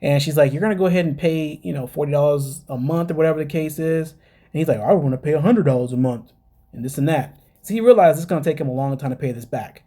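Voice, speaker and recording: A man's voice: a little high, quick pace, warm tone. A man hosting a casual podcast, chatting through a reality show recap, laughing and talking to his listeners. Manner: chatty, laughs at own jokes, addresses listeners as guys.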